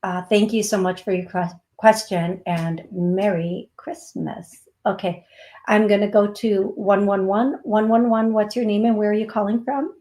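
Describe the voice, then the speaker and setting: A woman with an Upper Midwest accent hosting a call-in psychic show, calling people love in a soothing, unhurried way. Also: mid-range voice, steady tone, reverberant. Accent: Upper Midwest American. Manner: warm, calls people love, slow and soothing; laughs at herself, gets giggly. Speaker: psychic medium host.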